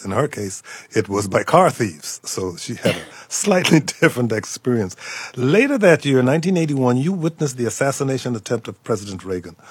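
A man hosting a radio interview, asking prepared questions in a measured way. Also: fairly low pitch, husky, dry recording. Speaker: radio talk show host.

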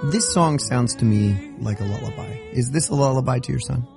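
A man hosting an interview, asking measured questions with some restarts. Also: mid-range voice, vocal fry, music in the background. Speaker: radio host.

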